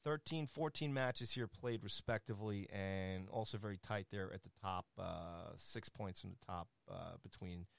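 A man hosting a casual soccer scores segment, energetic and playful, with lots of fillers, teasing his co-host. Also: deep voice, moderate pace, gravelly, few pauses, dry recording. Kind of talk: casual sports rundown on a talk show.

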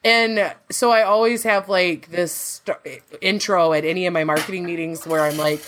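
A woman hosting a casual podcast chat, talkative and quick to laugh, often restarting her sentences. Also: on the low side, steady tone, a bit bright, slight background noise. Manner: chatty, laughs easily, rambling restarts. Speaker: podcast host; works in farm market analysis.

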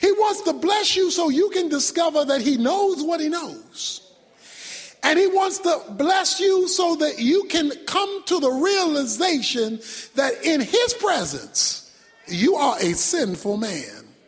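High-voiced preaching man, very animated. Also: takes it slowly. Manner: emphatic preaching, swinging from shouts to low asides. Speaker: pastor. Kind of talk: sermon. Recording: long reverb from a large hall.

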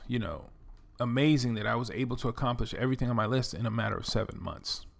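Middle-aged man, New York accent, gravelly, casual reflective storyteller. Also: medium pitch. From the Bronx, New York. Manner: reflective, many fillers like "you know" and "um". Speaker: former Air Force veteran and doctor telling his story. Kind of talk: casual personal monologue.

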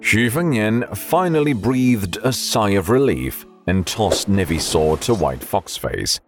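A man narrating an audiobook with measured storytelling and faint music behind. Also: fairly low pitch, lively intonation.

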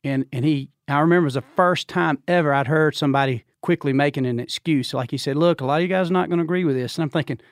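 A man in his fifties from Georgia, USA, with a Southern drawl, guests on a podcast and tells a long story in casual chat, speaking fast with few pauses. He's an animated storyteller, acting out the quoted voices with big pitch jumps and laughter. The recording is dry and clean, with studio quality.

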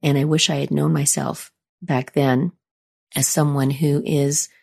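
Middle-aged lady podcaster, low voice, calm and earnest, telling her own story. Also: measured pace, vocal fry. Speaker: podcast host. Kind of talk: reflective personal storytelling.

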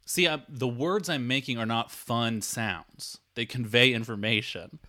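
A man's voice: mid-range voice, unhurried, sharp tone. A man hosting a podcast, teasing his co-host and giving playful commands. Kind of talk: casual chat.

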